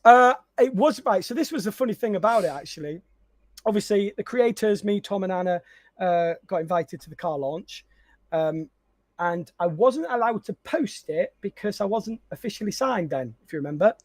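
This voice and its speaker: A man, a podcast co-host telling stories in casual chat, animated and laughing often with frequent restarts. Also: high-pitched, moderate pace, dry recording, clean studio sound. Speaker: podcast co-host and content creator.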